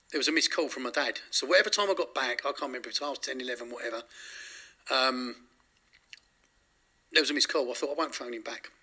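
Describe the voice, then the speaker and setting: Bright-voiced Englishman telling a rambling story. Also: medium pitch. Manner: rambling, self-correcting, frequent restarts. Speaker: interview guest. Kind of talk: candid storytelling in an interview.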